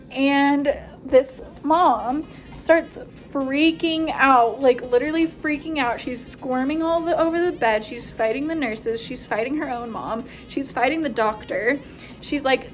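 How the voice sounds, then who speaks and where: A young woman, a nursing student, excitedly retelling a hospital story in a casual vlog, full of "like" and acted-out quotes. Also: sits high. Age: young adult. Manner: animated, breathless retelling with frequent "like" and quoted voices.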